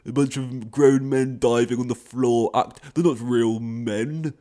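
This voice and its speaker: A man voicing a scornful man who mocks football fans in a loud, sneering rant. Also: medium pitch, fairly even intonation, unhurried, natural voice.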